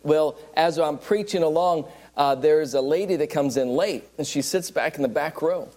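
A man's voice: fairly high pitch, normal speed, a little mellow. A man preaching a sermon, telling stories and acting out the people in them. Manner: storytelling, acts out quoted people. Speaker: traveling evangelist preacher.

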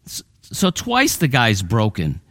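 A male pastor preaching a conversational sermon in a folksy way, full of "you know" and repeated words, his voice climbing higher when he presses a point. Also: huge pitch swings, slow, a bit bright, dry recording, studio quality.

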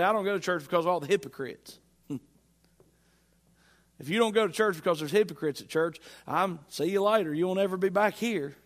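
A man's voice: high-pitched, fairly bright tone. A man preaching a sermon in church, emphatic and repeating his phrases with rising force. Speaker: pastor.

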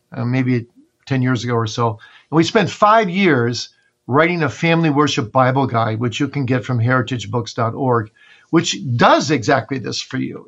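A man's voice: mid-range voice, a bit bright, dull audio. Earnest man teaching in an interview. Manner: earnest, numbered teaching points with homely examples. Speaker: pastor and author being interviewed. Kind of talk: instructive interview answers.

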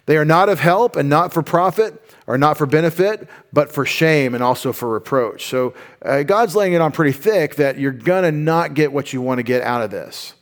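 A man's voice: fairly high pitch, normal speed, hardly any pauses. A man giving a conversational Bible teaching, informal and explanatory, with frequent asides and restarts.

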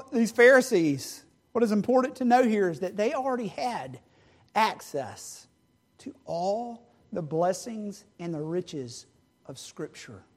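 Animated preacher acting out scripture. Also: male voice. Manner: acts out the parable characters with big shifts in pitch and loudness. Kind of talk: sermon.

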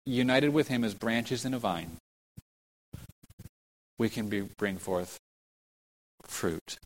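A man preaching an expository sermon as a pastor, earnest and full of rhetorical questions, often restarting his phrases. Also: mid-range voice. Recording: long hall reverb.

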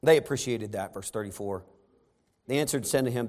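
Delivering a sermon, this man reads from scripture before paraphrasing it in everyday modern terms. He alternates soft asides with loud, forceful stretches, using a medium pitch and a brisk pace.

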